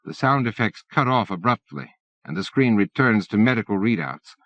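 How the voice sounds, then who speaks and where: A man reading an audiobook in measured scripted narration. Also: on the low side, lively intonation, fairly bright tone, no room sound. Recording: dull dry lo-fi cassette.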